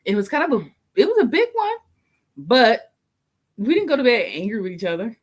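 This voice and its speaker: A woman's voice: a little high, huge pitch swings, brisk. A woman co-hosting a casual couple's podcast, thinking aloud with many restarts and easy laughter. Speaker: podcast co-host.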